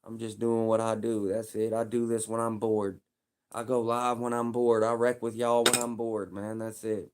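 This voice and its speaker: A man's voice: lowish voice, flat delivery, moderate pace, background noise. Casting note: young Louisville, Kentucky man, casual livestream rambler, streetwise slang, repetitive.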